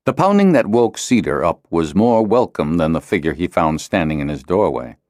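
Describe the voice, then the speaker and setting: A man narrates a fantasy audiobook with expressive storytelling. His voice is very low yet swings lively in pitch, and the recording is dry and close. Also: normal speed, no echo. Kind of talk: scripted narration.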